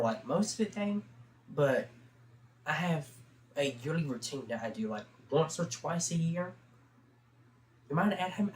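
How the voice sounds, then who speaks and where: A teenage boy hosting a livestream, telling a long story in a loose, chatty way full of fillers. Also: mid-range voice. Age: teens. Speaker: livestream host. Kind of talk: casual rambling storytelling. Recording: roomy sound with faint background hum.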